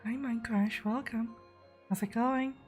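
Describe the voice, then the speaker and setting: Woman streamer, playful and jokey, chats with viewers, fairly high voice. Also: fairly even intonation, a little slow, faint music behind. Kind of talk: casual game stream chat.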